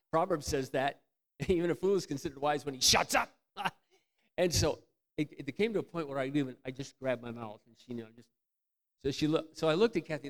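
A man preaching a candid, self-mocking storytelling sermon, swinging from loud outbursts to near-whispers. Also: mid-range voice. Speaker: pastor.

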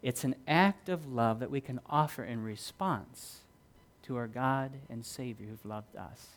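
Preaching a little slowly, a middle-aged man gives a sincere sermon built on stories, alternating forceful, loud moments with subdued, quiet ones.

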